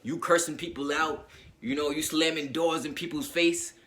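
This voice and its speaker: A man's voice: a little high, fairly even intonation, moderate pace, a bit bright. A man talking informally to his viewers in a motivational monologue, repeating his points and often checking in with "right?". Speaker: self-help YouTuber.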